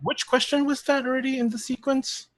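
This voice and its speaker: A man's voice: extremely high pitch, little pitch movement, a little fast, no room sound. A man playing a tabletop role-playing game, casual and joking. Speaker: player.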